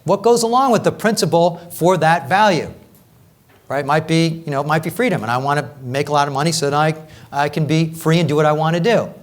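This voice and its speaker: Male workshop coach, fairly high-pitched, lively and chatty, keeps the room with him. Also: brisk. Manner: energetic, conversational, keeps asking "right?"; repeats and restarts phrases for emphasis. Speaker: executive coach leading a workshop. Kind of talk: live workshop presentation.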